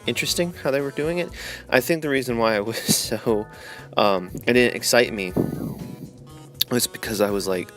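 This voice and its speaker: A man giving a sarcastic, swearing rant about a movie trailer, his voice jumping high and loud when he gets worked up. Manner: voice jumps high and loud in outbursts. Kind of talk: casual rant to camera.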